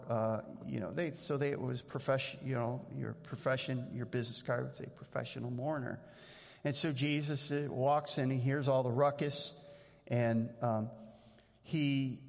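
Male pastor, earnest conversational sermon, long church reverb. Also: medium pitch. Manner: earnest, conversational preaching with many restarts.

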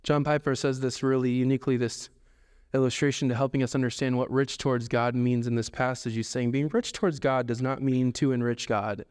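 A man in his thirties preaching a sermon as pastor, animated, jumping up in pitch when he acts out quoted voices. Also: a little fast, smooth, long reverb tail.

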